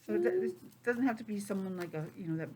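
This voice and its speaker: A woman's voice: mid-range voice, quick pace, crowd noise. Chatty woman teacher reading to kids. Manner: chatty, expressive, drifts into personal asides. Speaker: preschool teacher. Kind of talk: reading aloud and chatting to young children. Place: classroom.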